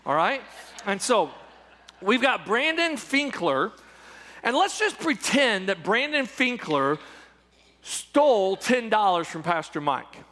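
Man preacher, high bright voice, emphatic and repetitive, heard in a long echoey hall. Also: very animated, slow. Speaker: pastor. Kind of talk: sermon.

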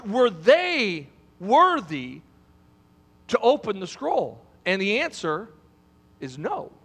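Male pastor, dramatic sermon delivery with pauses, ringing hall. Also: very high voice, bright, forceful tone. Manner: preaching with dramatic pauses and rising emphasis. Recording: long hall reverb.

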